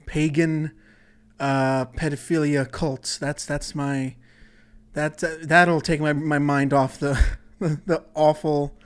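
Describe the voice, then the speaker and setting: A man's voice: fairly high pitch, level tone, slow pace, clear, resonant tone. A man hosting a solo comedy podcast, rambling and profane, often cutting himself off mid-thought. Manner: rambling, profane, self-interrupting. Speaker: podcast host.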